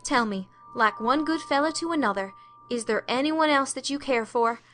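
A woman's voice: sits high, normal speed, fairly bright tone, slight background noise. A woman voicing a sincere young Texan suitor who speaks in folksy slang, read within an audiobook. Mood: earnest. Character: earnest young Texan suitor, man, plainspoken. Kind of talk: audiobook character reading.

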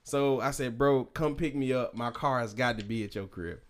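A man spins a wild night-out story for his podcast co-hosts, laughing through it and acting out what everyone said. His talk is loose, profane and animated, the easy back-and-forth of friends around a table. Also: medium pitch, moderate pace, smooth. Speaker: podcast co-host. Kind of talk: casual storytelling among friends.

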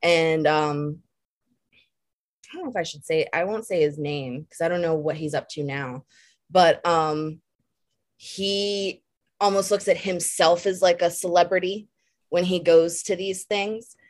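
A young woman, a makeup artist guest, chatting casually and telling lively stories on a podcast. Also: lowish voice, measured pace. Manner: animated storyteller, laughs while telling.

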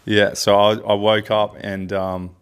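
A young Australian man with a lowish voice, spinning a loose anecdote on a casual podcast. He rambles along easily and pads his sentences with fillers. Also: level tone, a little slow, clear, resonant tone. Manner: rambling storyteller, lots of fillers and restarts, laughs easily. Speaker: podcast co-host. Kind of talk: casual chat.

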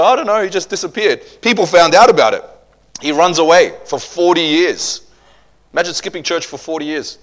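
A man with a medium-pitched voice preaches a sermon built on humorous stories. He swings between loud outbursts and hushed asides.

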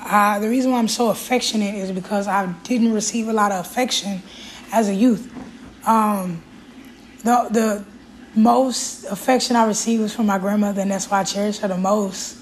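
At a normal speed and with fairly even intonation, a woman in the mid range opens up emotionally about her life on her podcast, stumbling through fillers and restarts. The audio is poor, with slight background noise.

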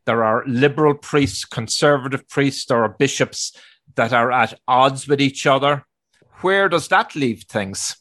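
Male interviewer, measured delivery, mid-pitched, sets up questions with context. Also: a bit bright.

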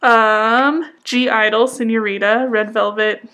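A woman's voice: on the high side, fairly even intonation, measured pace, sharp tone. A woman co-hosting a casual chat, reading nominees and joking at her own stumbles over names. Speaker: co-host. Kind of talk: casual chat about music awards.

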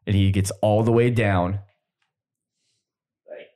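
A man's voice: lowish voice, slow pace. A young man in casual chat, telling stories between bursts of laughter. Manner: storytelling, animated with laughter.

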